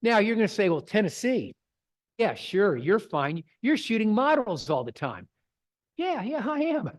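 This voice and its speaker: A man's voice: high-pitched, sing-song, moderate pace. A middle-aged man, presenting to a photography club in a folksy, digressing storytelling way. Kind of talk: casual talk with slides. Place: club meeting room.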